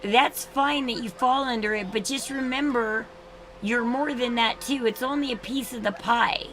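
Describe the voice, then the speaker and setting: A woman's voice: fairly high pitch, normal speed, fairly bright tone, slight background noise, rough recording. A woman in her thirties hosting a casual livestream, chatting in a rambling way with frequent restarts. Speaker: livestream host.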